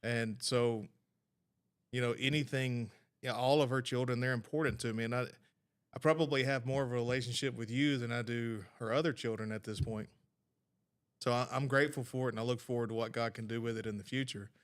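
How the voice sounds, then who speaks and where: A man's voice: mid-range voice, steady tone, brisk, clear, resonant tone. Earnest man telling a heartfelt story. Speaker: podcast producer. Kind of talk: casual podcast conversation. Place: podcast studio.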